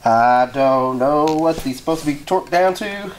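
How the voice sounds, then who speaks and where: A man's voice: a little high, normal speed, a little hiss or hum. A man hosting a garage vlog, chatting casually and joking with plenty of swearing while he works on a clutch. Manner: profane, joking, rambling. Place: home garage.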